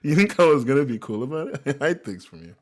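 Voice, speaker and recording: A man's voice: medium pitch, lively intonation, quick pace. A young man co-hosting a casual podcast, joking, swearing and laughing often. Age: young adult. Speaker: podcast co-host.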